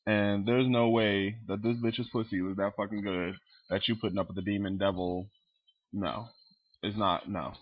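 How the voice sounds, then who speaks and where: With a lowish, slightly breathy voice and a moderate pace, this vlogger rants to his webcam about movie scenes over lo-fi sound. He swears heavily, stays animated, and acts out characters as he goes.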